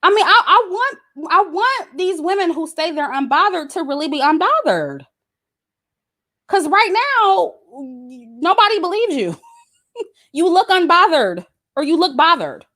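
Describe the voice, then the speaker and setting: A woman's voice: very high-pitched, big pitch swings, measured pace, fairly bright tone. A woman, giving a blunt, emphatic commentary straight to her audience, cursing and repeating her points. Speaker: YouTube commentator. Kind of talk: casual direct-to-camera rant.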